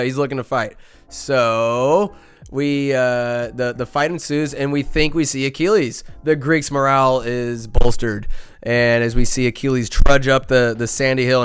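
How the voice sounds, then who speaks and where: A man's voice: mid-range voice, smooth, no echo. A man hosts his podcast with a loose, joking movie recap, rambling through fillers and crude asides. His voice sits in an ordinary middle range. Faint music plays underneath. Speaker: podcast host. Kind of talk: casual comic movie recap.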